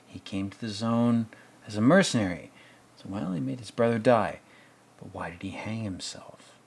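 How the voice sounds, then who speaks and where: A man's voice: on the low side, a little mellow, husky. A man hosting a film commentary, talking reflectively and often sinking to a near whisper. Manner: reflective, retells scenes with acted-out quotes, often drops to a near whisper. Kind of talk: casual film commentary monologue.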